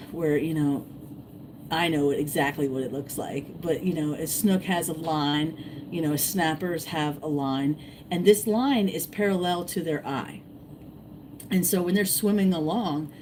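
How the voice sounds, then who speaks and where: A woman hosting a casual fishing livestream, rambling and repeating herself, her voice going hoarse as she greets viewers. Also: deep voice, noisy background. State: losing her voice, clearing throat. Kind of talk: casual live-stream chat.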